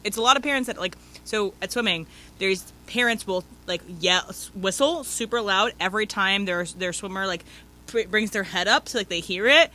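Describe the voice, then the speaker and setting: Man, high pitch, very bright sharp tone, casual radio chat, filler-heavy. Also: normal speed.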